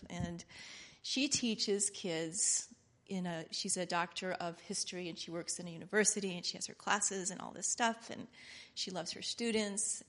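A middle-aged woman giving a rambling, earnest, informal sermon that builds to loud, impassioned preaching. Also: fairly low pitch.

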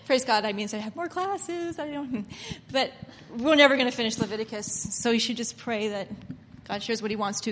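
High-voiced, dramatic woman preacher. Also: big-room sound, slight background noise. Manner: dramatic, acts out voices, laughs often. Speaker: Bible teacher and preacher. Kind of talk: animated sermon-style Bible teaching.

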